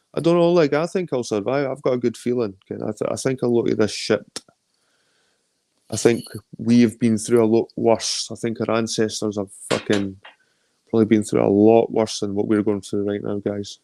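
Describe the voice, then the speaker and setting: A man's voice: on the low side, steady tone, normal speed, vocal fry, dark tone, no room sound. A Scottish man of around forty hosting a casual livestream, rambling, swearing freely and greeting viewers as he reads their comments. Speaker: livestream host.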